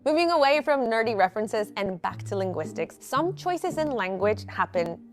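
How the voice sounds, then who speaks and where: Give me a woman host giving clear, playful scripted narration for an explainer. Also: on the high side, very animated, normal speed. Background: background music.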